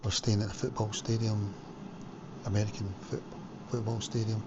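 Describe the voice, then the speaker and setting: A man's voice: on the low side, flat delivery, normal speed. A man from Scotland chatting casually on his vlog while cooking, rambling with lots of fillers. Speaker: vlogger. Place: home kitchen. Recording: lo-fi home recording with background noise.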